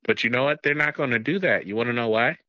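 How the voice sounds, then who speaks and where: A man's voice: mid-range voice, quick pace, pushed and bright, no echo. A man co-hosting a casual movie review podcast, joking and chiming in with wry remarks. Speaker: podcast co-host. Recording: dull lo-fi mic.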